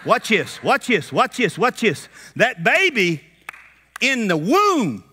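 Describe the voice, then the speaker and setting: A man preaching a sermon at a conference, animated and shouting at peaks, slipping into character voices for retold scenes. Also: high-pitched, takes it slowly, slight background noise. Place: conference hall.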